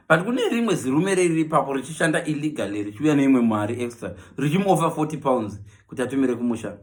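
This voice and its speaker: A man with a Zimbabwean accent delivers a comic monologue. His voice sits a little high and swings up and down a lot as he moves between Shona and English and acts out his characters. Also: expressive, quick pace. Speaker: comedian.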